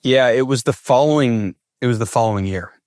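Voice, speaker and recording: The studio-quality recording, free of echo, captures a mid-range, slightly mellow male voice moving fairly quickly. He's a young California big wave surfer on a podcast, narrating what happened to him and acting out the thoughts running through his head.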